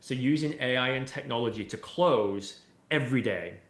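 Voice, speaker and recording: In an echoey, roomy-sounding space, a man with a mid-range voice talks at a moderate pace. He's an AI expert guesting on an interview podcast, giving long conversational explanations full of "you know" and "right?".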